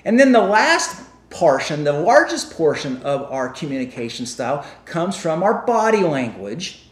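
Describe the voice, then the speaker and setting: A male pastor preaching a sermon, animated and asking his congregation questions. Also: a little high, unhurried, echoey room.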